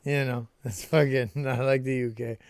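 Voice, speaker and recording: A man's voice: mid-range voice, fairly even intonation, moderate pace, dry recording, studio quality. A young man chatting on a podcast, laid-back and full of slang and swearing. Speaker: podcast co-host. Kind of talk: casual chat.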